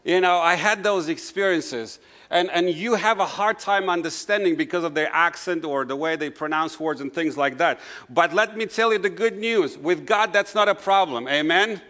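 A man's voice: high voice, moderate pace, sharp tone. Man preaching with a foreign accent. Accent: non-native English accent. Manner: conversational preaching with frequent "you know" asides. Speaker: pastor. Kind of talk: sermon.

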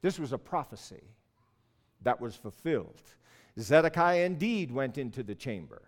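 A man's voice: medium pitch, very animated, normal speed, in a large hall. An older man from Newfoundland preaching a sermon, telling the Bible story in an earnest, storytelling way and voicing its figures with rising force.

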